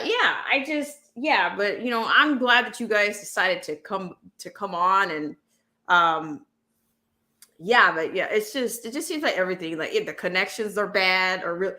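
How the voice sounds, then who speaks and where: A woman's voice: mid-range voice, animated, normal speed, bright, forceful tone. A woman hosting a casual livestream chat, rambling with many restarts and fillers as she talks to her viewers. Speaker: livestream host.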